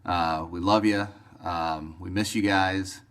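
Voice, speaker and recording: A man in his forties with a very deep voice, speaking in an earnest, encouraging way. His tone stays steady and brotherly. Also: takes it slowly. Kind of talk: birthday video message.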